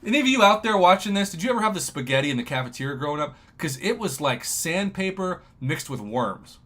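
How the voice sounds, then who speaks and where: A man in his thirties from New Mexico, hosting a casual livestream and talking in an emotional, excitable, ranting way. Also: on the high side, fast talker. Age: 30s. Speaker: livestream host.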